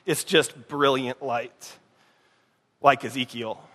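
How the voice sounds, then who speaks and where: A man preaching a sermon in a conversational way, often dropping to a hushed voice and asking the congregation if they are following. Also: medium pitch, steady tone, slow pace. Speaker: pastor. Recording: long hall reverb.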